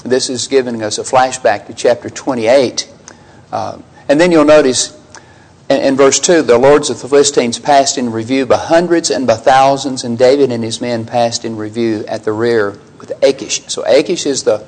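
A man's voice: normal speed, a little mellow, poor audio. A man teaching through a Bible passage verse by verse, asking rhetorical questions and acting out the quoted lines. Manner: conversational, asks listeners rhetorical questions; acts out quoted lines with raised pitch.

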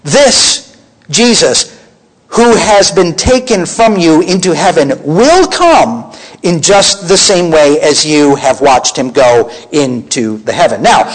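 A man's voice: high voice, very animated, slow pace, poor audio. A man teaching from the Bible as a preacher, emphatic and full of rhetorical questions to his listeners.

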